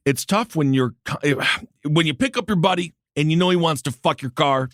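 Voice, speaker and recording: A man's voice: a little high, normal speed, no echo, studio quality. A man co-hosting a casual comedy podcast, laid-back and wry as he tells the news stories. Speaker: podcast co-host.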